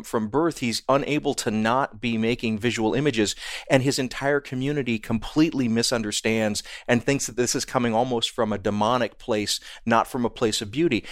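A man hosting an interview, asking thoughtful, measured questions and reflecting back on his guest's answers. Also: medium pitch, no echo, studio quality. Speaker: podcast host.

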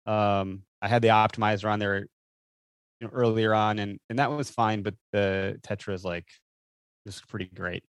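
A man chatting as a podcast guest, telling stories with lots of fillers and animated bursts. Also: fairly low pitch, normal speed, dry recording, clean studio sound. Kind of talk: casual chat.

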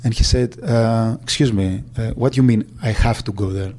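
Soft-toned man recalling. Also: fairly low pitch, fairly even intonation. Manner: halting, searching for words. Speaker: agent. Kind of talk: interview recollection.

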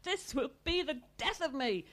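A woman reading a dramatic, devout mum, pleading and wailing, higher pitched. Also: animated, a little fast, a little mellow, slightly rough. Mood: anguished. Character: distraught devout mother, middle-aged, dramatic.

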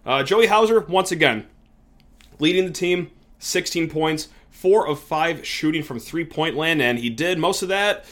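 A man's voice: fairly high pitch, lively intonation, unhurried, a bit bright. A man hosting a sports podcast, talking casually and joking, sometimes with sarcasm. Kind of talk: casual sports talk commentary.

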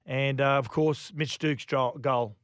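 A man's voice: medium pitch, fairly even intonation, unhurried, a bit bright, a little hiss or hum. A man, co-hosting a radio sports show in teasing, chatty banter. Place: radio studio.

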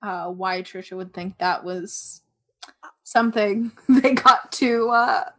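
A young woman co-hosting a podcast, talking casually and sounding frustrated, with lots of filler words. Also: medium pitch. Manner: frustrated, measured, many fillers. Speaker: podcast co-host. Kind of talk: casual gossip chat.

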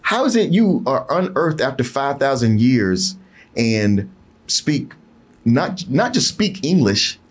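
Lively husky-voiced man reviewing a movie. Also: medium pitch, slow. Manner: animated, laughing, acts out his own reactions. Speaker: co-host. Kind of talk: casual movie review chat.

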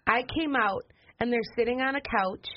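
High-voiced exasperated young woman. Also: normal speed. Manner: exasperated storytelling. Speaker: daughter on family podcast. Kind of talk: casual family chat. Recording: dull muffled sound with faint hiss.

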